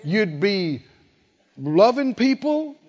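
A man's voice: high-pitched, takes it slowly. A middle-aged male preacher delivering a sermon, acting out quoted conversations with humor. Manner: animated, acts out quoted dialogue with humor. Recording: dull lo-fi sound with long hall reverb.

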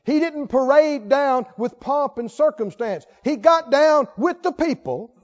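Male preacher, very high voice, lively emphatic delivery, dull lo-fi recording. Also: a little slow. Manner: emphatic, swings between loud and hushed. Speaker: pastor. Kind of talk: sermon.

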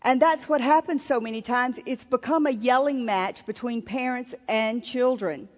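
At a marriage seminar, a woman minister gives an earnest sermon in a voice on the high side at normal speed, frequently starting over mid-thought. It's a lo-fi recording from a reverberant hall.

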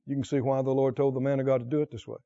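A man's voice: mid-range voice, little pitch movement, very fast, warm tone, muffled recording. A male preacher delivering a sermon, talking with animation, questioning the crowd and laughing now and then.

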